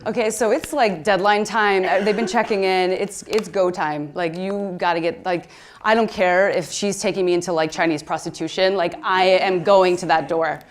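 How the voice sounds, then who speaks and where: A woman in her thirties telling a comic story on stage, excitable and chatty, filling her talk with "like" and laughing through her words. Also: on the low side, moderate pace. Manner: excitable and chatty, heavy use of "like". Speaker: speaker at a conference talk.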